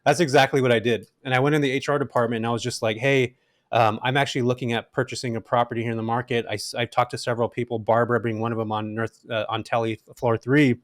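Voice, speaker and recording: A middle-aged man telling his story as an interview guest, animated and casual, with frequent fillers. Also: medium pitch, fast, dry recording, clean studio sound. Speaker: guest, rental investor.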